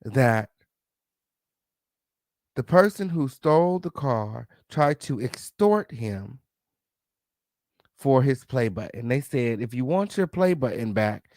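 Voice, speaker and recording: Sassy, profane male gossip host, mid-pitched, tight dry recording. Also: sing-song, slow pace, pauses often, darkish tone, dry recording. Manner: brash, sassy, swearing, repeats "okay" and "period". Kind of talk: profane celebrity gossip commentary.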